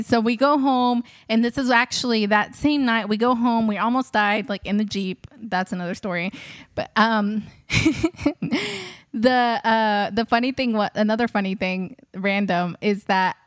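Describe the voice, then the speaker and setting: A woman's voice: on the high side, dry recording, studio quality. A woman who is a wedding photographer and host, telling a story casually to her listeners, chatty with many fillers and frequent laughs.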